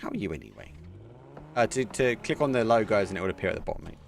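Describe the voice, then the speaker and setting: Lively, chatty man casting esports. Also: on the low side, fast talker, creaky, slight background noise. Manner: chatty, excitable, talks to viewers. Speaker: esports caster. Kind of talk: live community game commentary.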